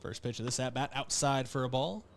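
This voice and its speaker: A young man announcing a live baseball game from a press box, calling each pitch briskly and correcting himself on the fly. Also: creaky, slight background noise. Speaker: play-by-play announcer. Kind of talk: live radio and TV baseball commentary. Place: press box behind a window.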